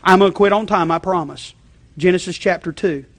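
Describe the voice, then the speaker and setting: High-voiced conversational male preacher. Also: a little fast. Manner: conversational, repeating check-ins, frequent restarts; shifts between loud emphasis and quiet low asides. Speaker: pastor. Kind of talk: sermon.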